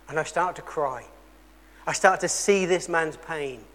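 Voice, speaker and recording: High male preacher, earnest sermon storyteller, swings between loud and hushed, long church reverb. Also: moderate pace. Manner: earnest storytelling, shifting between loud emphasis and quiet intensity.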